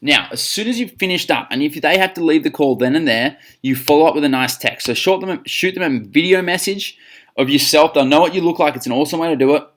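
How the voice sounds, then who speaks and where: A man's voice: on the high side, fast talker, a bit bright. An Australian man coaching gym staff on phone sales, upbeat, acting out both sides of the calls. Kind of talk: instructional talk on phone sales.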